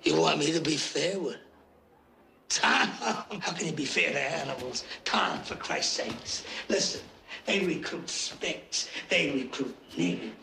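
An actor playing an older, drunk and belligerent mob boss who rants and blusters. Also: male voice, fairly high pitch, lively intonation, measured pace, vocal fry, bright, forceful tone, a little hiss or hum, heavily acted. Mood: ranting. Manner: blustering, ranting. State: a little drunk. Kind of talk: film drama acting.

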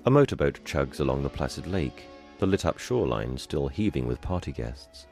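A man reading an audio description in an even, neutral, scripted way. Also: rumbling low, moderate pace, faint music behind.

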